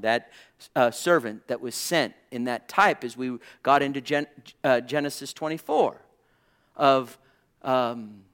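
A man's voice: medium pitch, bright, forceful tone. A man preaching a sermon as pastor to a gathered congregation, fervent and drawn out, with frequent praise interjections. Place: church gathering.

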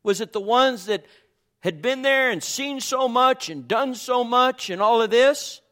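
With a very high voice and a slightly slow delivery, this male pastor preaches fervently. He moves from loud exclamations to quiet whispers, repeats phrases, and draws cries of amen.

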